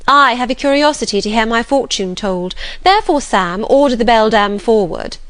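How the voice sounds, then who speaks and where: A woman's voice: on the high side, expressive, normal speed, fairly bright tone, no room sound. A woman voicing a haughty, imperious young society lady in an audiobook.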